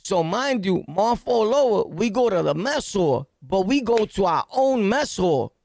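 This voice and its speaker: Podcast host, male, New York accent, high fry-edged voice, slangy animated storyteller. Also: a little slow. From New York City. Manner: animated, slangy, punchy storytelling with sound-effect words. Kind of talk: storytelling jail anecdote.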